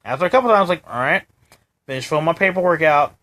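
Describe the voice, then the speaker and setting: A man telling a story on a casual live stream, stumbling over his words and acting out other people's lines. His voice sits high and swoops all over the place. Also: quick pace. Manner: animated storytelling, acting out quoted voices, many restarts. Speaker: co-host.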